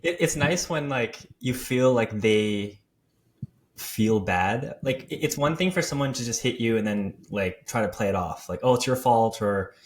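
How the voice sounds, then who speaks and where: A man hosting a casual podcast conversation, asking gentle follow-up questions and giving short affirmations. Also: mid-range voice, animated, unhurried. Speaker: podcast host.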